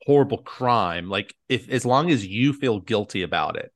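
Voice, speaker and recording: A man's voice: lowish voice, expressive, moderate pace. A man co-hosting a podcast, recapping a movie in loose casual chat, full of "like" and acted-out quotes. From United States. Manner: rambling, many "like"s, acts out quotes. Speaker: podcast co-host.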